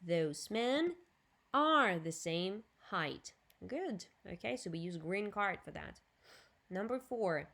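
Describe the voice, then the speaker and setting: This woman speaks with a Ukrainian accent and teaches English vocabulary and grammar in a recorded lesson. She keeps a slow, deliberate pace and drills each word clearly for her students. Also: medium pitch, a bit bright. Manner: slow, clear drilling with switches to Russian explanations.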